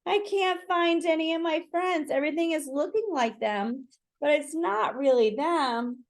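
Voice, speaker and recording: A woman voicing an eager young boy hero in a storybook reading, exclaiming in a high, bright voice. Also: unhurried. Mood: let down.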